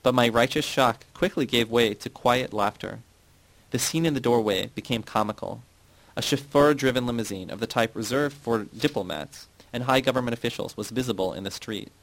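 A man's voice: mid-range voice, dry recording, low-quality recording. Man reading a novel, dry and close. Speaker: audiobook narrator. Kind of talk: scripted narration.

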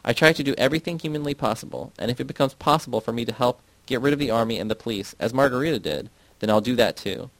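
A man's voice: medium pitch, fast, few pauses, fairly bright tone, no echo, natural voice. A man reading the part of an earnest, defensive young man who argues his point at length. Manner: earnest, argumentative explaining.

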